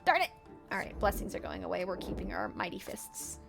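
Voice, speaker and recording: A woman's voice: mid-range voice, big pitch swings, a little fast, creaky, over music. A woman streamer giving casual, playful gameplay commentary, often giggling as she narrates her characters' antics.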